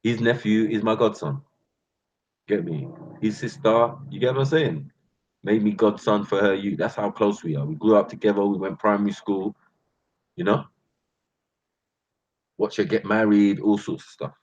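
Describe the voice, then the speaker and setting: A man with a London accent gives a heated, slang-heavy rant, his voice low and husky. The sound is muffled and lo-fi, and he keeps calling out to his listeners as bruv and fam. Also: normal speed, long pauses. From England. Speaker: channel host.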